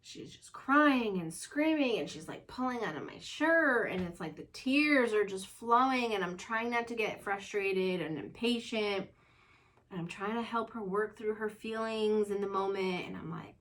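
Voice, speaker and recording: Chatty young mom rambling to camera. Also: female voice, mid-range voice, moderate pace. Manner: chatty, rambling, many fillers. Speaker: vlogger. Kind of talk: casual chat to camera. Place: upstairs room at home.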